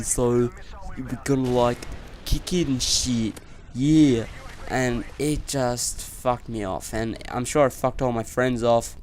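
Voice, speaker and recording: An Australian man rants over gameplay in a loose, rambling way, swearing and restarting his sentences. His voice sits at an ordinary middle pitch, and a faint hum of noise runs under it. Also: darkish tone. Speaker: gaming commentator. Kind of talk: rambling ranting commentary.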